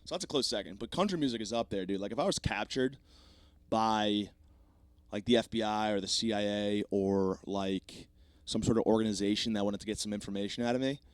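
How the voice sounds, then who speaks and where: A man's voice: lowish voice, brisk, clear, resonant tone, no echo. Podcast host, man in his 30s, profane comic ranter, voice a bit sore, dry booth sound. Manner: profane, rambling, self-mocking. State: slightly sore voice. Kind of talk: comedic solo podcast rant.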